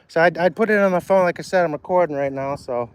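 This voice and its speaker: A man's voice: on the high side, fast, smooth. A man on a casual live stream, talking loosely and swearing freely while he walks an outdoor harbor dock, filmed on a handheld phone. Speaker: vlogger walking a harbor.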